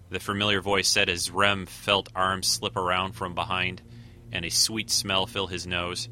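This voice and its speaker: Male story reader, very low voice with a sharp bright edge, steady. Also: measured pace, a little hiss or hum. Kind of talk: fan audio story reading.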